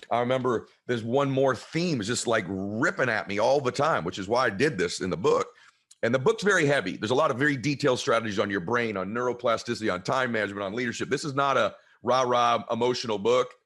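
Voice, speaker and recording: A guest author with a mid-range, fairly bright voice shares a personal story in an interview. He sounds earnest and heartfelt, choking up with emotion.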